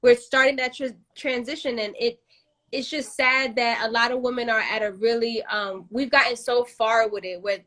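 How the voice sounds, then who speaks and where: A woman's voice: fairly high pitch, fairly even intonation, moderate pace, fairly bright tone. A woman hosting a casual podcast conversation, passionate and rambling, with frequent restarts and fillers. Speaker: podcast host.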